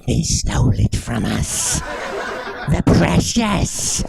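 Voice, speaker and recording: A comedian voicing a grasping, obsessive male creature with a gravelly, creaky whisper. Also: fairly high pitch, very animated, slow pace, a crowd in the background, heavily acted. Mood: possessive.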